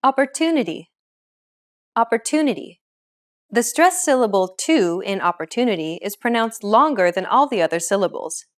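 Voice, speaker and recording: A woman narrating a scripted pronunciation lesson as the teacher, clear and upbeat. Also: mid-range voice, animated, normal speed, few pauses.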